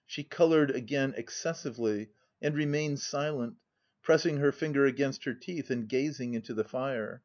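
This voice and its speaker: A man narrating a classic novel as an audiobook in an even, measured reading style. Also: medium pitch. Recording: slightly dull lo-fi audio.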